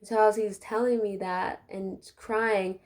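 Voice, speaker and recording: A woman's voice: medium pitch, fairly even intonation, measured pace, a little mellow. A young adult woman giving a casual, heartfelt life update to her viewers while doing her hair, talking chattily with many fillers. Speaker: vlogger.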